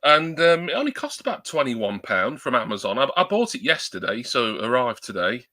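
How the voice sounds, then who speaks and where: A man's voice: medium pitch, very animated, a little fast, pushed and bright. A man at home, chatting casually on a live stream and testing a new desktop USB microphone, rambling and self-deprecating with many ums. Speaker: livestreamer. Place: at home at a computer.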